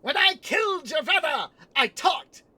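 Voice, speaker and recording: A man voicing a villainous cartoon judge with a high, squeaky, menacing voice, shouting it slowly. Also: animated, no room sound, exaggerated voice.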